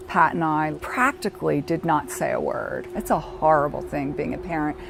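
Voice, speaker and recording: A middle-aged woman, a bereaved mother, telling her story in a halting, reflective way with pauses. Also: low voice, gravelly, noisy background. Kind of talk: personal documentary testimony. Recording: music playing underneath. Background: soft background music.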